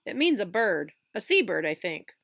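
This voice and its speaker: A woman's voice: mid-range voice, big pitch swings, normal speed, vocal fry, fairly bright tone, dry recording, studio quality, heavily acted. Woman voicing an amused teasing dad. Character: amused, knowing father.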